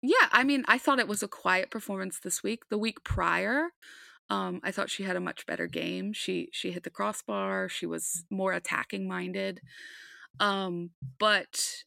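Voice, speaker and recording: A woman's voice: medium pitch, fairly even intonation, unhurried, gravelly, pushed and bright, no room sound, studio quality. A woman co-hosting a podcast, chatting casually about a game with frequent ums and restarts. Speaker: podcast co-host. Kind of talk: casual sports chat.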